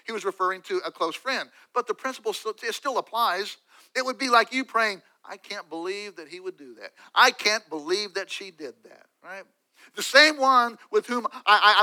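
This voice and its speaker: A man delivering a sermon with a high, strikingly bright voice. He preaches emphatically, rising to loud peaks and dropping to soft, hushed asides. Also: low-quality recording. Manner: emphatic preaching with sudden drops to quiet asides. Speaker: pastor.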